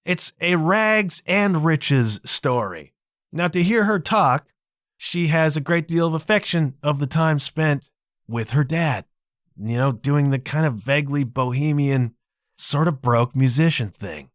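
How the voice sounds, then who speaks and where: A man's voice: fairly high pitch, lively intonation, measured pace, dry recording, clean studio sound. A man hosting a solo podcast, talking emphatically in a conversational way and often checking in with the listener. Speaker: podcast host.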